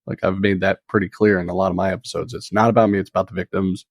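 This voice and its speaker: Measured low-voiced man podcaster. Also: little pitch movement, no room sound, studio quality. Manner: hesitant, measured. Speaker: true crime podcaster. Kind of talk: roundtable discussion.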